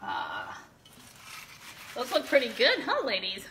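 A live giveaway host chats with viewers while frying tortilla chips in her home kitchen, bubbly and exclaiming with frequent whoops. She has a high, pushed, bright voice with lively intonation, speaking slowly with long pauses. Recorded far from the mic, the sound is roomy and echoey with faint room noise, her voice a bit off-mic.

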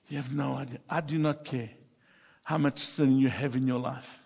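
A middle-aged pastor preaching a sermon, emphatic and humorous, moving between soft confiding talk and loud bursts. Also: male voice, medium pitch, steady tone, normal speed, gravelly, husky. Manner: humorous storytelling. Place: church sanctuary. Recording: long reverb of a church hall.

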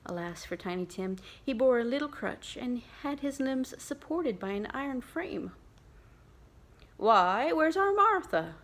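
A woman narrating an unabridged classic novel in a measured, expressive way. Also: a little high. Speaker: audiobook narrator.

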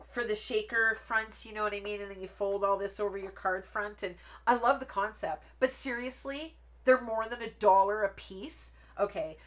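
A woman talks her viewers through a card making live stream. She rambles from topic to topic in a loose, chatty way and breaks into laughter often. Her voice sits at an ordinary middle pitch for a woman. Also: a bit bright. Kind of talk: casual live stream chat while crafting.

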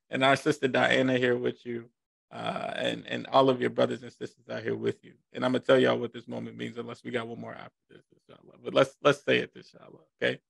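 A man's voice: medium pitch, level tone, fairly quick, gravelly, fairly bright tone, no echo. A man teaching a class over a video call, informal and joking, often repeating himself. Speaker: class instructor.

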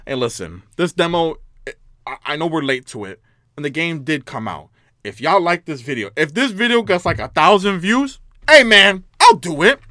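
A man's voice: a little high, very animated, moderate pace, no echo, clean studio sound. Man yelping through a horror game. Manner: jittery, easily spooked, yelling in fright; breathless, shaken murmuring between scares. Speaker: gaming YouTuber. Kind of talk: horror game let's play commentary.

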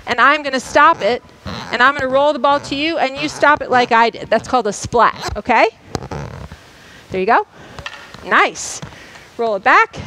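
A woman's voice: sits high, sharp tone, slight background noise, poor audio. A woman coach demonstrating tennis drills for a class in a school gym, explaining each step and checking in often. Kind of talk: instructional demonstration.

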